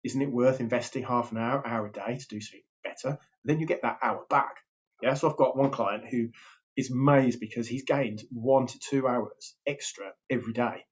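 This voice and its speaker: A man's voice: mid-range voice, steady tone, moderate pace. A man, a health and weight loss coach, talking casually and checking in with his listeners as he goes. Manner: chatty, keeps checking in with "yeah?". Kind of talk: casual motivational talk to camera. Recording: slightly dull lo-fi sound.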